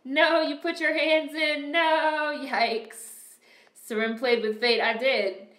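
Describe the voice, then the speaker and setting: A young woman streaming and chatting casually with her viewers, telling animated stories full of swearing. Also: sits high, slow. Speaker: streamer reacting to a movie and reading chat. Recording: echoey room.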